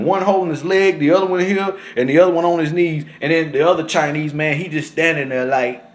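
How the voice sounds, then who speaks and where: Upset young man. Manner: upset and indignant, repeats "man" often; drawn-out and low when shaken, rises sharply when angry. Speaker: vlogger. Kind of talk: emotional casual commentary to camera.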